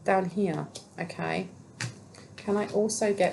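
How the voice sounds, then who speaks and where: A woman's voice: medium pitch, steady tone, measured pace, vocal fry, pauses often, noisy background. A woman giving a casual collective tarot reading. She rambles with many fillers and talks to herself while she handles the cards. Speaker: tarot reader.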